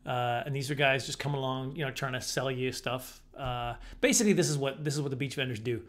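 A middle-aged man doing stand-up comedy, telling stories in an animated, self-deprecating way. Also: medium pitch, a little fast.

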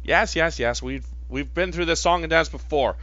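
Grumpy, defensive male android, loud and higher-pitched, put on by a man over slightly lo-fi audio. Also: moderate pace, lightly acted. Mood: irritated.

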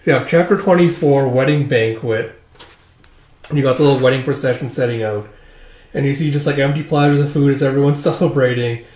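A man casually recapping a story, stringing scenes together with "it's like" and quick acted-out quotes. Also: medium pitch, darkish tone. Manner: acts out each character with "it's like". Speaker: manga reviewer. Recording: echoey room.

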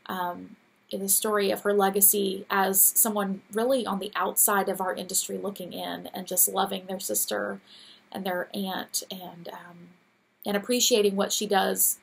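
A woman in her thirties chats in a relaxed, gushing way, laughing easily. Her voice is gravelly and husky, a little scratchy today. She sits at a middle pitch. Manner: chatty, gushing, laughs often. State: teary. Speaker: podcast host. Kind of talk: casual chat.

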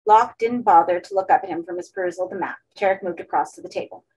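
Husky woman narrating a horror story. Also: on the low side, fast talker, darkish tone, poor audio. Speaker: audiobook reader.

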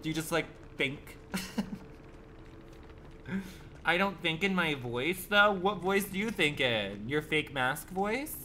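A man's voice: fairly high pitch, animated, takes it slowly, pauses often, pushed and bright, slight background noise. A man livestreaming a game, chatting with his viewers in a sassy, campy, profane way, full of rambling rhetorical questions. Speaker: gaming livestreamer. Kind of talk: casual stream chat.

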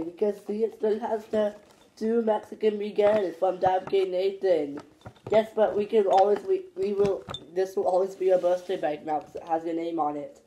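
A woman chatting playfully in a holiday vlog, breaking into yelps and sudden loud outbursts. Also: mid-range voice, slight background noise. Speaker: vlogger.

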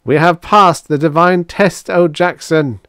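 A man's voice: fairly high pitch, very animated, moderate pace, no echo, studio quality, voice pushed up. A man voicing a devout robot leader who speaks in solemn, archaic phrases. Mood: jubilant. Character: fervent robot leader, male, devout and formal.

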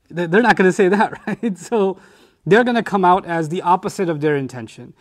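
A man with a fairly high voice teaches a scripture lesson in an easy, conversational way. He stays animated and often slips into acted-out quotes to explain his point. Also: quick pace. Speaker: Quran teacher.

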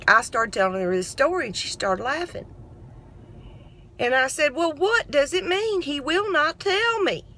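A middle-aged woman, telling a down-home story to camera in a chatty, lively way. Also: fairly high pitch. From Texas. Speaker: vlogger.

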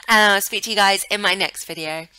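A woman's voice: medium pitch, brisk, bright, forceful tone, smooth, no echo, rough recording. A woman chatting casually over a life-simulation game, cooing affectionately at her characters. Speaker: gaming channel host. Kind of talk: casual gameplay commentary.

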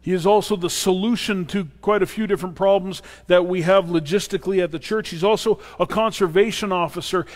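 A man preaching a sermon as pastor, earnest and personal with playful asides. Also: sits high. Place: church sanctuary. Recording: long reverb of a church hall.

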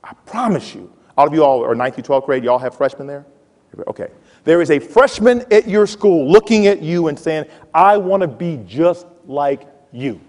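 A man in his forties giving a playful, animated motivational talk to students and calling out to the audience. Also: on the high side, fairly quick. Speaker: college president giving a talk. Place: large hall with a live audience. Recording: hall reverb.

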